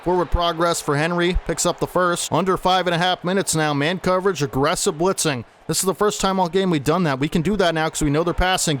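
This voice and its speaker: A man calling his football video game play-by-play in a fairly high voice, quick to get excited over big plays. He talks straight to his viewers like a sportscaster. A faint outdoor hum sits under his voice. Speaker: gaming commentator.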